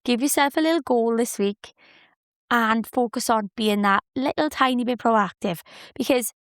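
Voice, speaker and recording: A woman's voice: fairly high pitch, moderate pace, no echo, studio quality. A chirpy woman, chatting casually as a solo podcast host and laughing often.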